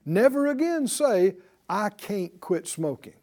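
Animated older male preacher. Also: sits high, slow pace. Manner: animated, call-and-response with congregation. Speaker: pastor. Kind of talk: sermon.

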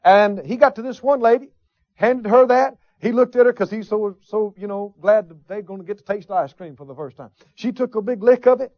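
A pastor preaches a sermon in a high-pitched, brisk voice, mixing folksy asides with call-and-response from the congregation. There's no echo, and the recording sounds dull and slightly lo-fi.

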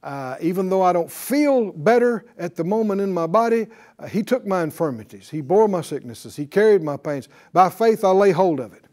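A man's voice: high voice, normal speed. A man preaching a sermon, quoting scripture, laughing at his own asides and acting out small dialogues. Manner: lively, laughing asides, quotes scripture, acts out little dialogues.

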